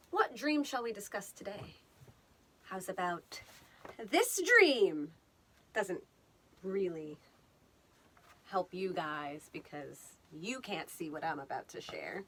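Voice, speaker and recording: A woman's voice: fairly low pitch, big pitch swings, slow, long pauses, a bit bright, a little hiss or hum. A woman hosting a vlog. She talks casually and playfully while sketching, jokes a lot, and now and then slips into put-on accents. She is recorded on a phone. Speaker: vlog host.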